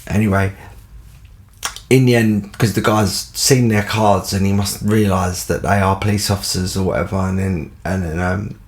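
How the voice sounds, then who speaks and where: A man's voice: deep voice, fairly even intonation, moderate pace. A man with a London accent telling a casual anecdote, rambling and full of fillers. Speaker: storyteller.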